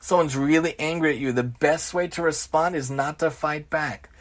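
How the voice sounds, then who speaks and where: A man's voice: a little high, steady tone, moderate pace. A man hosting an informal Torah lesson who piles up repeated, emphatic lists. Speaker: religious teacher and show host.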